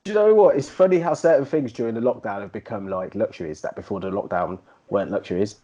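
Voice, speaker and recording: A man, co-hosting a podcast and telling animated, slangy stories in casual chat. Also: on the low side, fast talker. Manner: animated storyteller, slangy, slips into put-on MC voices. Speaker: podcast co-host.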